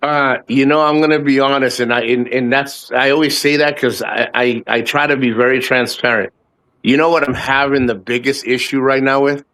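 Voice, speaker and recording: A man's voice: medium pitch, steady tone, moderate pace, a bit bright. A man in his fifties from the United States, a guest on a casual live chat, talks in a rambling, profane way and often repeats himself. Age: 50s.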